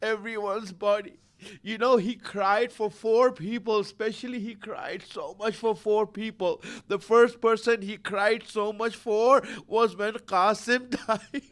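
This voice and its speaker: High-voiced man preaching a mournful sermon. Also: fairly even intonation, a bit bright. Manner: emotional, lamenting narration with heavy pauses. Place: Islamic center hall.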